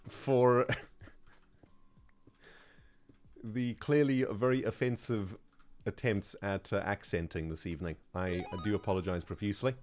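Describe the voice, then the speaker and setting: A man's voice: on the low side, steady tone, slow, long pauses, darkish tone. A man chatting casually on his livestream, self-mocking and chatty, with plenty of fillers. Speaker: streamer.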